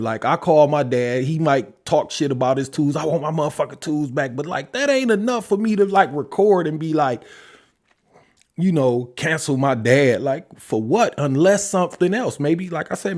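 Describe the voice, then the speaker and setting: An older man hosting a podcast, talking bluntly in casual commentary with heavy cursing and wide swings in pitch. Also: expressive, normal speed, darkish tone. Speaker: podcast host. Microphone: podcast mic.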